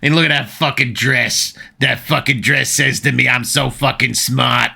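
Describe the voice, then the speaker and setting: A man voicing a crude, excitable guy with a Boston accent, swearing and gushing. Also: mid-range voice, normal speed, vocal fry, husky, pitched above the performer's own voice, full character voice. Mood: rowdy.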